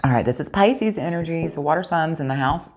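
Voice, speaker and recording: Woman tarot reader, low voice, earnest preachy direct-to-viewer delivery, faint hiss behind. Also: expressive, fairly quick, darkish tone. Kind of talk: spiritual tarot reading to viewers.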